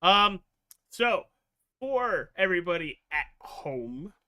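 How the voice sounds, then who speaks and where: Man hosting a podcast, bright crisp voice, dry close sound, chatty with fillers. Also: high voice, very animated, slow pace, no room sound. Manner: rambling, filler-heavy announcements. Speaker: podcast host. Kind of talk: casual podcast chat.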